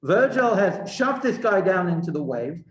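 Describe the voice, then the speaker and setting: High-voiced male teacher in echoey classroom. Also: normal speed, highs cut off. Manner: lively, questioning students. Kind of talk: classroom lecture. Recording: echoey room.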